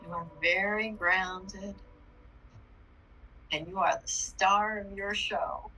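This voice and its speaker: A woman leading a guided meditation in a slow, soothing way, then chatting warmly as podcast host. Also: medium pitch, fairly even intonation, slight background noise. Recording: music playing behind the voice.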